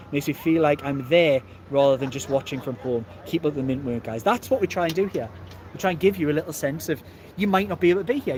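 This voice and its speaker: A man with a Geordie accent chats through a live stream outside after a match, slightly high-pitched and easygoing. He laughs a lot and reads out viewer comments, and there is faint city noise behind him. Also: darkish tone. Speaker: football channel host reading live comments. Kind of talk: casual live-stream chat.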